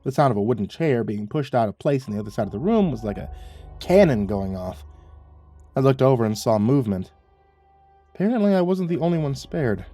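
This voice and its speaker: A man reading a horror story aloud as a narrator, in a wry, measured manner. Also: mid-range voice, warm tone.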